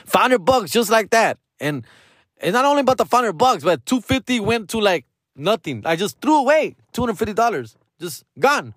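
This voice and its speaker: A man's voice: high voice, very animated, normal speed, a bit bright, dry recording, studio quality. A middle-aged man, rambling through a casual story with profane slang and bits of Spanish.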